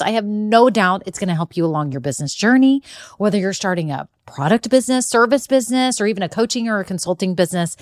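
A woman's voice: medium pitch, no room sound, studio quality. A woman hosting her own podcast as a business coach, talking in an upbeat, encouraging, chatty way. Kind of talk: solo podcast talk.

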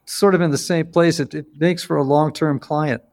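Gravelly-voiced male podcast host. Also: a little high, moderate pace. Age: 50s. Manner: earnest, storytelling, animated emphasis. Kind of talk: casual interview chat.

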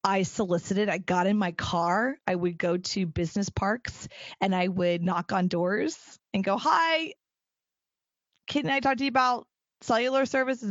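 A woman's voice: lowish voice, no echo, dull audio. A middle-aged woman hosting a solo podcast, talking energetically and acting out quoted conversations. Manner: energetic, emphatic, acts out quoted dialogue. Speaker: podcast host.

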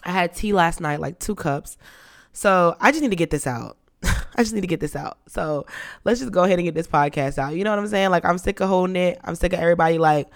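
A young woman hosting a podcast in casual chat, playful and dramatic, her voice lowered and rough from being sick. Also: fast. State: sick, voice deeper than usual. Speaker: podcast host.

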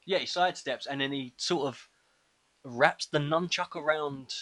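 A man co-hosting a casual film review podcast, talking in a relaxed, hesitant way with plenty of fillers. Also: on the high side, measured pace, no room sound. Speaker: podcast co-host.

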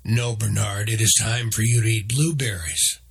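A man doing a calm little meerkat guide. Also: on the low side, normal speed, vocal fry, slightly rough, exaggerated voice. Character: small, knowing male meerkat guide.

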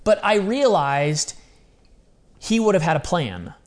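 A man in his thirties, a guest telling a personal story in casual chat, animated and full of slang. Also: high voice, slow. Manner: animated, casual slang, acts out quoted voices.

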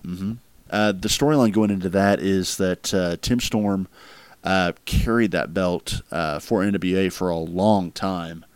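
A man's voice: sits low, unhurried, smooth, no echo. A man hosting a casual podcast chat, rambling with lots of fillers. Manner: rambling, filler-heavy, laughs at crude jokes. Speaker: podcast host ranking wrestling matches.

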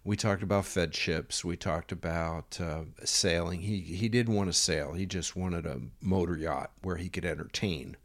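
A man's voice: deep voice, normal speed, few pauses. A man telling a rambling personal anecdote in a casual way, full of fillers and quoted dialogue. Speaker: storyteller.

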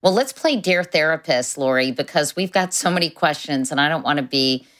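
A woman's voice: low-pitched, animated, a little fast, fairly bright tone. A woman hosting an interview, chatting and putting listener questions to her guest. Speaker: interviewer host. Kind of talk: interview conversation.

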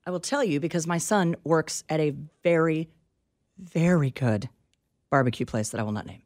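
A middle-aged woman co-hosting a radio show in a studio, telling an everyday story with animated, exasperated ranting. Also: sits low, moderate pace. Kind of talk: casual talk radio chat.

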